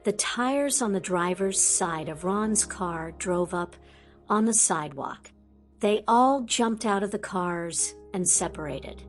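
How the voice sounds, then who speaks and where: Woman, audiobook narrator, steady storytelling, medium pitch, faint music behind. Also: takes it slowly.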